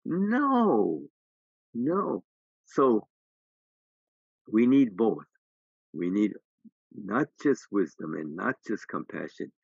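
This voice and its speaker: Low, gravelly minister giving a dharma talk. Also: male voice, animated, unhurried, a little mellow, dry recording, lo-fi sound. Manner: storytelling with many restarts, then emphatic. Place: temple hall.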